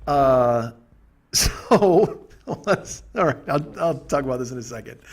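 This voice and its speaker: A man's voice: medium pitch, lively intonation, slow. A man hosting a podcast, telling a rambling, profane comic story with lots of stammering restarts. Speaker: podcast host.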